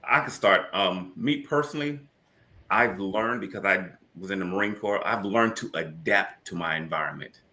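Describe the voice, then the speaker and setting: Deep, bright-toned self-assured man. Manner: steady, self-assured and measured. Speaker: podcast guest. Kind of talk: casual group conversation. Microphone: video call.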